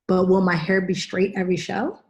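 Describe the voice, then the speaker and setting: A middle-aged woman hosting a podcast, telling stories in a casual, animated way and acting out what people said. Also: on the low side, brisk. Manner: animated storyteller, acts out quotes. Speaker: podcast host and actress. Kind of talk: casual chat, storytelling.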